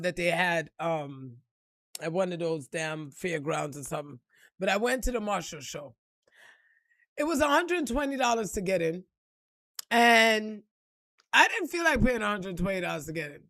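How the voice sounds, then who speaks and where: A woman's voice: medium pitch, fairly bright tone, no room sound, studio quality. A woman telling a personal story in casual, profane vlog style, acting out the quotes and laughing along.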